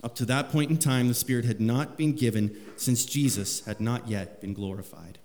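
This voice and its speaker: A man's voice: normal speed, darkish tone. Man, preacher, sermon reading, lifts voice on scripture, echoing hall. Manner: rises in pitch and volume when reading scripture aloud. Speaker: pastor. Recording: long hall reverb.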